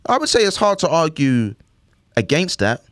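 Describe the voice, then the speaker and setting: A man's voice: fairly high pitch, sing-song, moderate pace, no echo, studio quality. A man co-hosting a podcast, talking in a loose, rambling way and often checking "do you know what I mean". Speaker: podcast co-host. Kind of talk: casual chat.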